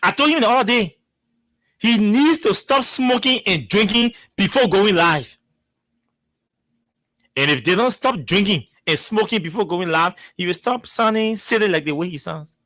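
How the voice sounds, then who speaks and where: Mocking radio host. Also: male voice, high-pitched, lively intonation, moderate pace, sharp tone, no room sound. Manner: mocking, argumentative, repeats words. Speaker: radio talk show host. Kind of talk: radio commentary.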